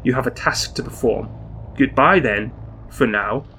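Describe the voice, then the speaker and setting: A man reading the lines of a sinister male impostor with a menacing, measured delivery. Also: medium pitch, sharp tone, a little hiss or hum.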